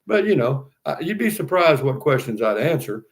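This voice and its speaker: A man's voice: a little high, sing-song, moderate pace. An older man hosting a casual livestream, chatting in a folksy, rambling way and reading out viewer comments. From Texas. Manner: folksy, rambling, many fillers and restarts. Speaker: livestream host.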